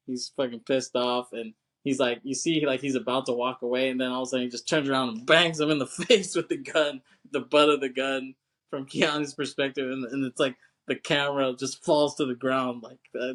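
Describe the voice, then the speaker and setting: A man's voice: mid-range voice, steady tone, moderate pace, fairly bright tone. Laid-back, slangy man on a podcast. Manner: laid-back, slangy, swears, laughs often. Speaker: podcast co-host. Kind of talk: casual film chat.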